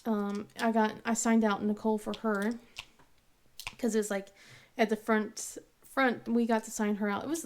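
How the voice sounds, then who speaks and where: Chatty woman vlogger, slightly high voice. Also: a little mellow. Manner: rambling, full of fillers and restarts; laughs often while telling. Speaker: craft channel host. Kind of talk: casual storytelling chat.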